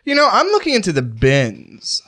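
A man voicing a creepy, sleazy adult male clown character in a comedy podcast, deadpan, with whispered asides. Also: high-pitched, unhurried, voice pushed up, heavily acted. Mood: playful. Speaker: podcast regular. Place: podcast studio with headphones.

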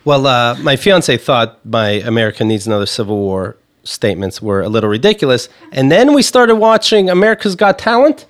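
A man co-hosting a casual comedy podcast chat, ranting and swearing with animated energy. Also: mid-range voice, a little fast, hardly any pauses. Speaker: podcast co-host.

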